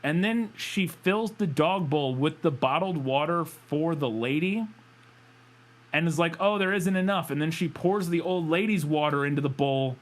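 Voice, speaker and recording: A man's voice: fairly high pitch, unhurried. A man co-hosting a podcast, chatting loosely about a bad movie, rambling, laughing and swearing freely. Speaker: podcast co-host. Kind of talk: casual chat reviewing a film.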